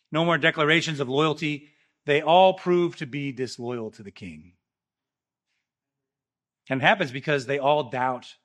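A man with a bright, forward voice delivers a sermon as a pastor. He preaches emphatically, pushing lines up loud and letting others fall away quiet. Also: medium pitch. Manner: emphatic preaching, swinging between loud rises and quiet drops.

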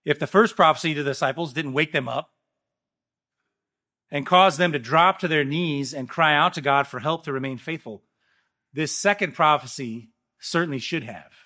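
A man preaching a sermon, emphatic, rising loud and then dropping quiet. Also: fairly high pitch, normal speed. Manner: emphatic preaching, swinging between loud rises and quiet drops. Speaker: pastor.

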